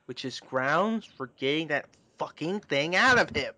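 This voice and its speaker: A man's voice: a little high, animated, sharp tone. A man co-hosting a comedy podcast, reading fan fiction aloud and breaking in with crude, mocking asides. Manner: mocking, crude, quick asides between read passages. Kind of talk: casual comedic group reading.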